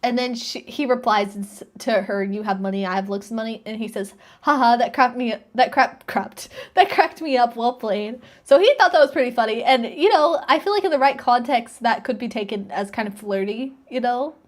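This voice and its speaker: Woman streamer, higher-pitched, chatty reaction commentary, reads messages aloud and muses. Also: fairly quick, hardly any pauses.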